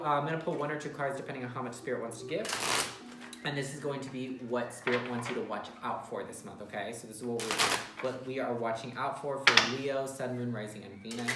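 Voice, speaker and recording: A man giving a casual tarot reading, talking bluntly and emphatically with some swearing. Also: medium pitch. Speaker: tarot reader. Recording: roomy echo with faint music.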